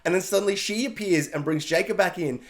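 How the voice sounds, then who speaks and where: High-voiced man ranting about a film. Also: fast. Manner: animated, exasperated, emphatic. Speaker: film reviewer. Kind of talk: casual ranting film review.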